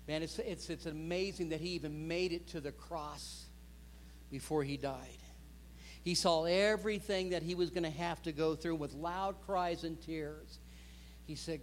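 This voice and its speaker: A man in his fifties preaching a sermon, building to loud, impassioned stretches and acting out quoted prayers. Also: a little high, in a large hall, slight background noise. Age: 50s. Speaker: pastor.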